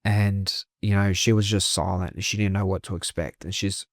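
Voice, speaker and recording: A man's voice: low-pitched, flat delivery, moderate pace, no room sound, studio quality. An Australian man telling a personal story candidly, swearing freely and laughing through hard memories.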